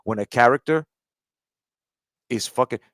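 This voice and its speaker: A man's voice: medium pitch, unhurried, fairly bright tone, no room sound, clean studio sound. A man giving a heated, profane commentary rant, often asking "right?". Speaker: commentary streamer. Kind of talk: ranting commentary.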